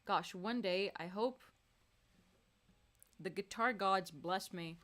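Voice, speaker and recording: A woman's voice: medium pitch, slow, fairly bright tone. Chatty woman streamer between songs. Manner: chatty, laughing, reads viewers' messages aloud. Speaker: singer and streamer. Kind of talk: casual live-stream chat between songs.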